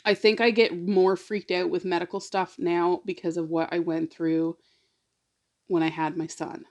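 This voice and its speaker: A woman's voice: lowish voice, little pitch movement, moderate pace, darkish tone. A woman vlogger telling a personal story in a casual, rambling way, full of "like" and emotional asides. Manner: rambling, fills talk with "like"; emotional, confiding. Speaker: mukbang vlogger.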